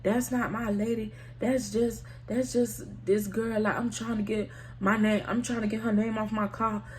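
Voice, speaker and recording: A woman's voice: a little high, flat delivery, normal speed, slight background noise, natural voice. A woman doing an evasive lying boyfriend. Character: smooth-talking young man, evasive lying boyfriend.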